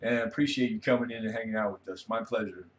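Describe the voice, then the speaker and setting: A man's voice: on the low side, fairly even intonation, fast talker, slight background noise. Laid-back man hosting a late-night stream. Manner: laid-back, rambling, reads viewer comments aloud. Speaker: livestream host. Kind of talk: casual late-night livestream chat.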